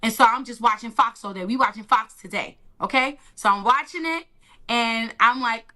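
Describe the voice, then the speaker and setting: A woman giving an emotional personal testimony in an interview, animated and colloquial, acting out the lines she quotes. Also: a little high, moderate pace. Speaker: interview guest.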